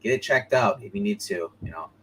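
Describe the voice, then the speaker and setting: A man hosting a live online comic book show, chatting casually and excitedly, laughing often and acting out lines from the panels. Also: on the low side, slight background noise, poor audio. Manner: excitable, laughing, acts out comic lines in quick put-on voices. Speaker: podcast host.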